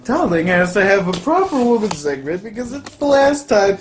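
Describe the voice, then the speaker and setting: A woman's voice: mid-range voice, big pitch swings, moderate pace. A young woman hosting a casual vlog with a friend, playful and giggly, slipping into sing-song teasing. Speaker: vlog host. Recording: echoey room, mic at a distance.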